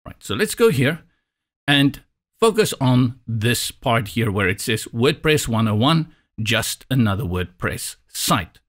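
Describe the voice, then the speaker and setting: A man from South Africa whose first language is Afrikaans, walking through a software tutorial step by step with a dry, slightly sarcastic manner. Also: mid-range voice, big pitch swings, unhurried. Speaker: tutorial instructor. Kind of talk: screen-recorded software tutorial.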